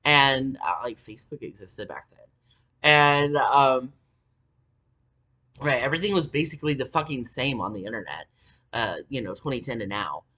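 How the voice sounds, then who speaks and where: A woman's voice: rumbling low, expressive, normal speed, a bit bright. A middle-aged woman telling a story in a casual monologue, rambling and swearing, with lots of fillers and an indignant edge. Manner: rambling, profane, many fillers. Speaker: vlogger.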